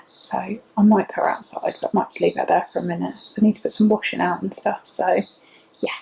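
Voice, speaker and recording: Chatty young English mum, gravelly voice. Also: female voice, medium pitch, steady tone, fairly quick, darkish tone. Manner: chatty, rambling, often drops to a whisper. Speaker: vlogger, first-time mum. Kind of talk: casual chat to camera. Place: home. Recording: noisy home recording.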